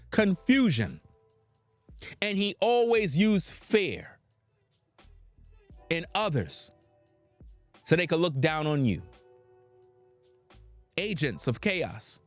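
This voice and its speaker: A man delivering street-style preaching commentary in an emphatic, slangy way with drawn-out dramatic pauses. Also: high voice, no echo.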